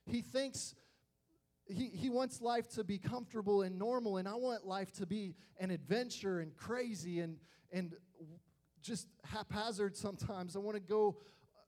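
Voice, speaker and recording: A young man preaching to youth, telling personal family stories in an animated way and acting out the voices of people he quotes. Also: high voice, normal speed. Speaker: youth pastor.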